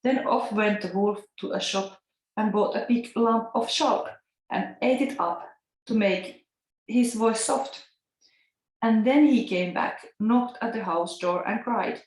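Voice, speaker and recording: A woman's voice: medium pitch, takes it slowly, darkish tone. A woman from Finland giving a casual tarot reading and reading a fairy tale aloud, with a Finnish accent tinged with Italian and a musing, chatty manner. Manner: musing, chatty, laughs often. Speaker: tarot reader. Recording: echoey room.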